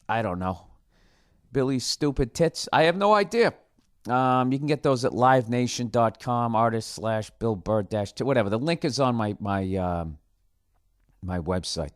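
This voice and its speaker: A man's voice: fairly low pitch, moderate pace, no echo, clean studio sound. A man hosting a podcast alone, talking casually in a rambling, sarcastic way and swearing often. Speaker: podcast host. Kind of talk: casual solo podcast monologue.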